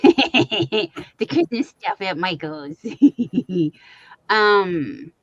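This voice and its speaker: A woman's voice: mid-range voice, lively intonation, extremely slow, no room sound, highs cut off. A woman hosting a crochet livestream from her home, chatting casually and reading out viewer comments. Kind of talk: casual chat to a live audience.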